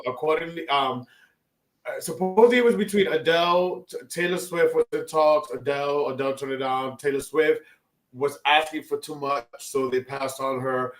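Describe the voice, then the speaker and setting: Man, podcast co-host, relaxed casual chat, lots of fillers, medium pitch, echoey room. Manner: relaxed, laughs easily, drops many fillers.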